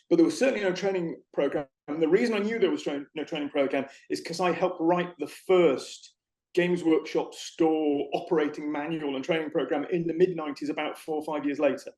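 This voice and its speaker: Man, lively storyteller, echoey room. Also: fairly high pitch, brisk. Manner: animated storyteller, acts out shop conversations. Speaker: interview guest, former retail manager. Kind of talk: conversational interview.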